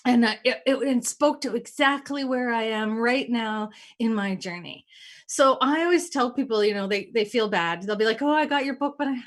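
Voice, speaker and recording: A woman hosting a casual talk, telling stories in an animated way and acting out the dialogue. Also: on the high side, normal speed. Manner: animated, acts out quoted dialogue. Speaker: host.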